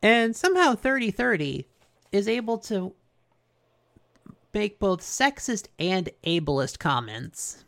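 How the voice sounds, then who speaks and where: A man's voice: sits high, sing-song, takes it slowly, gravelly, long pauses, a bit bright. A man co-hosting a podcast, recapping an old cartoon in a sarcastic, casual way. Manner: sarcastic, acts out characters while recapping. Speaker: podcast co-host.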